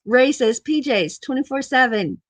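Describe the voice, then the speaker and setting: A woman's voice: sits high, lively intonation, moderate pace, no echo. A middle-aged woman hosting a casual live-stream chat, laughing often and repeating her phrases affectionately.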